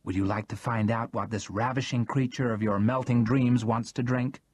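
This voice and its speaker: A man's voice: mid-range voice, fairly even intonation, normal speed, darkish tone, breathy edge, natural voice. A male narrator voicing a haughty, theatrical man who speaks imperiously with camp sarcasm. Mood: pompous.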